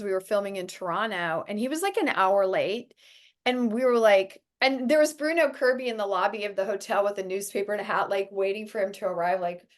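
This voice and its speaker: A middle-aged actress telling stories in a casual interview, laughing often and acting out the people she quotes. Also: medium pitch. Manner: animated, laughs often, acts out quoted voices. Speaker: actress guest.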